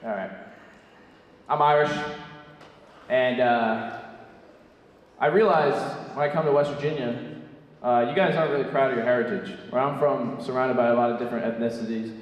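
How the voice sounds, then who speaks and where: A man's voice: mid-range voice, normal speed, pauses often, lo-fi sound. Young man, stand-up comedian, profane, brash, echoey hall, distant from the mic. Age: young adult. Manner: brash, profane, tosses in asides like "right?". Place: theatre stage before a live audience. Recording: echoey theatre hall from far off.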